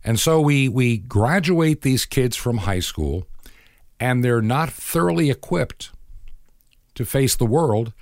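Speaking slowly and expressively at medium pitch, a middle-aged radio host delivers a sermon-like monologue, earnest and moralizing, acting out parts of conversations in quotes. The studio-quality recording has no echo.

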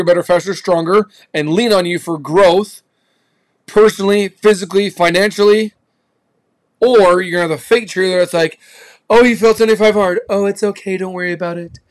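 Emphatic, slangy motivational man. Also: high-pitched. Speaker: podcast host. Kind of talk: motivational talk.

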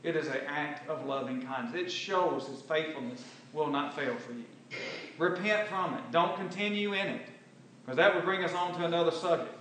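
A man preaching a sermon and quoting scripture, swinging between loud emphatic bursts and quiet earnest stretches. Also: fairly high pitch, normal speed, heavy reverb, recorded from a distance, slight background noise, low-quality recording.

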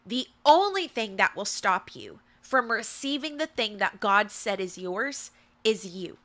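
Bright-voiced woman giving a faith talk. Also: mid-range voice, big pitch swings, unhurried. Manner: emphatic and repetitive, preacherly. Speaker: podcast host. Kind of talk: faith-based motivational talk.

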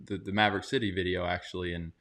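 A man's voice: sits low, flat delivery, very fast, fairly bright tone. A man co-hosting a casual talk show, commenting in a heated, sarcastic way that rises when he gets worked up. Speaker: podcast co-host.

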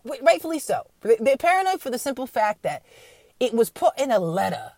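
A woman's voice: fairly high pitch, very animated, brisk, darkish tone, no room sound. A woman hosting a podcast, talking through a late-night, profanity-filled rambling rant with wry asides and mocking impressions of others. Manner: acts out others in mocking voices. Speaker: podcast host.

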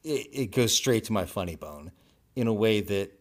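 A man's voice: fairly low pitch, lively intonation, moderate pace. A man guesting on a casual podcast as a former co-host, speaking with dry, mock-indignant energy.

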